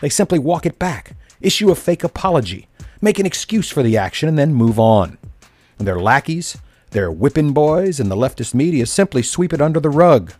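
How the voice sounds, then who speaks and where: A man's voice: on the high side, sing-song, normal speed, darkish tone, no echo, soft background music. A man delivering a scripted political monologue as a commentator, sarcastic and cutting, stacking long punchy lists of insults and grievances.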